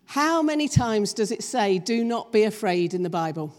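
A woman preaching a sermon, slow and emphatic, drawing the congregation in with questions. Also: medium pitch, expressive, darkish tone. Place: church hall. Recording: long reverb of a church hall.

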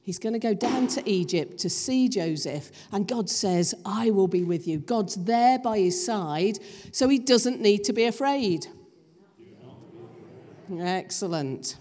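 Slow-speaking woman preaching in a hall. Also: mid-range voice, lively intonation, warm tone. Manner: slow, emphatic, engages the congregation. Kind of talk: sermon. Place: church hall. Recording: long reverb of a church hall.

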